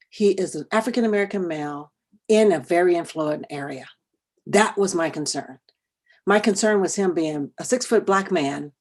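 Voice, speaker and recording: A woman's voice: mid-range voice, darkish tone. A middle-aged woman educator giving a workshop talk, telling a personal story, asking the audience questions and dropping to a whisper for quoted thoughts. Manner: addresses the audience directly with questions.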